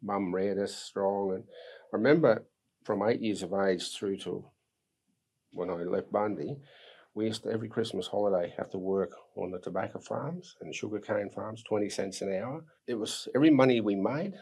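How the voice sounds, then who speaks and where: Give me a reflective Australian man in his sixties with a low, raspy voice, sharing personal stories on a podcast. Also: normal speed. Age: 60s. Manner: earnest, reflective, with soft laughs. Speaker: podcast guest. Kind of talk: personal storytelling.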